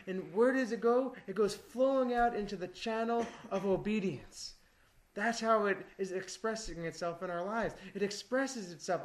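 A man with a notably high voice preaches in an earnest, exhorting way. He often repeats a phrase several times to drive the point home. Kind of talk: sermon.

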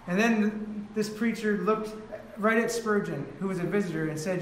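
A high-voiced man preaches a sermon, retelling the story earnestly to his congregation. His voice rings in an echoey church room, with a faint hum of background noise underneath. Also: fairly even intonation, normal speed, a bit bright. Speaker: pastor. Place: church sanctuary.

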